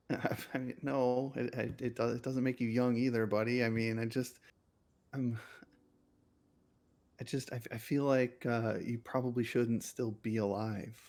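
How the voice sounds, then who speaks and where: A man's voice: mid-range voice, flat delivery, unhurried, a little mellow. A man playing a tabletop game, talking casually and repeating words as he thinks. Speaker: player.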